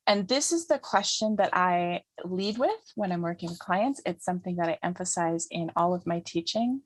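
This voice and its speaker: A woman giving a calm, instructive talk about healing trauma as a guest speaker, often repeating phrases for emphasis. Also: lowish voice, moderate pace, few pauses, no room sound. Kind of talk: teaching talk in an interview.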